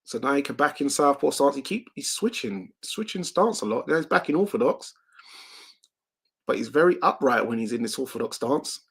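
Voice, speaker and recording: A young man hosting a live watch-along, giving excitable play-by-play of a boxing match and reading out viewer comments. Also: mid-range voice, normal speed, husky. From United Kingdom.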